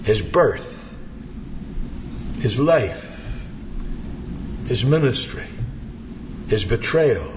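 A man delivers a sermon at an unhurried, deliberate pace, his voice sitting fairly high and swinging between soaring and hushed passages. The recording is dull and muffled, with a long hall reverb and a faint hiss underneath. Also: big pitch swings. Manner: slow, dramatic preaching with wide swings from soaring to hushed. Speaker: preacher.

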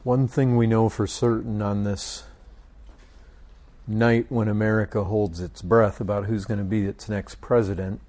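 Slow, mellow-voiced male preacher. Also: fairly low pitch, steady tone. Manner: slow, deliberate preaching with emphatic pauses. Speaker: pastor. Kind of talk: sermon.

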